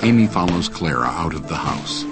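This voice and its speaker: A man reading scripted audio description in an even, measured way. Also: low voice, over loud music.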